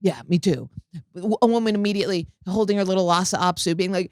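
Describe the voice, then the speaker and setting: A woman hosting a comedy podcast, telling stories in a profane, animated way. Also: medium pitch, rapid-fire, no room sound, clean studio sound. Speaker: podcast host. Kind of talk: casual comedic chat. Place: podcast studio.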